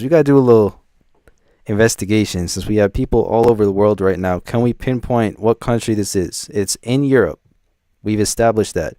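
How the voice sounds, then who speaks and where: A man's voice: on the low side, a little mellow, no echo, studio quality. A man hosting a livestream, chatting casually and thinking aloud as he quizzes his viewers. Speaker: livestream host reviewing viewers' beats. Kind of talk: casual live-stream chat.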